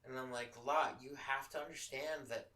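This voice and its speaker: A man's voice: medium pitch, fairly even intonation, normal speed, sharp tone, echoey room, recorded from a distance, poor audio. A man from Los Angeles hosting a podcast, telling a personal story in casual chat, candid and full of swearing. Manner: profane, candid, emotional storytelling. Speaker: podcast host.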